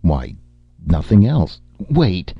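A man's voice: low-pitched, very animated, slow, vocal fry, slightly rough, no echo, soft background music, full character voice. A man voicing a proud young noble soldier who is injured, speaking strained and defiant. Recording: dull lo-fi recording.

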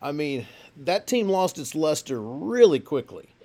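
A man's voice: a little high, big pitch swings, a little slow, warm tone. A man co-hosting a casual sports podcast, rambling through stories and laughing often. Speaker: podcast co-host.

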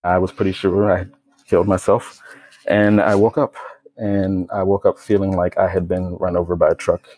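A young American man tells his own story in a low, steady voice that barely rises or falls. His tone is dark and mellow with a husky edge. He talks in a reflective, unhurried way, with plenty of casual fillers. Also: no room sound, poor audio. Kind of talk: personal testimony.

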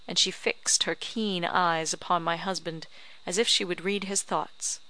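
A woman reading a memoir aloud in an even, clear storytelling manner. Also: on the low side, unhurried, rough recording. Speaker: audiobook narrator.

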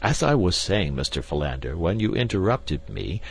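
A long-winded old professor with a deep, low voice, stilted and grandly formal, as a man reads him. He lectures in heavy, pompous sentences, as in a spoken storybook. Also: sing-song, moderate pace, creaky, slightly rough, heavily acted. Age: older. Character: elderly pompous male professor.

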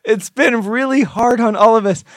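A man playing a flustered, evasive high school football coach at a press conference, rambling defensively with nervous laughs. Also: moderate pace, dry recording, clean studio sound. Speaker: podcast co-host.

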